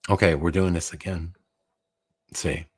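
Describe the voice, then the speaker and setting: A man with a Texan accent co-hosting a live show in casual chat, rambling and halting with many restarts. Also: sits low, steady tone, slightly rough.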